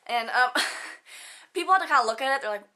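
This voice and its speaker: Bubbly, bright-voiced teenage girl vlogger. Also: sits high, expressive, moderate pace. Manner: bubbly, giggly, lots of fillers and quoted asides. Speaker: student vlogger. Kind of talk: casual chatty vlog.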